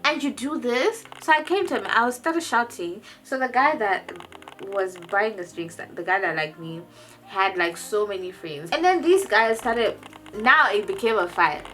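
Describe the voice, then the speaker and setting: A young woman casually telling a personal story in a vlog, animated and jumping into high quoted voices, often restarting and repeating words. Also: moderate pace, faint music behind. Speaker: vlogger.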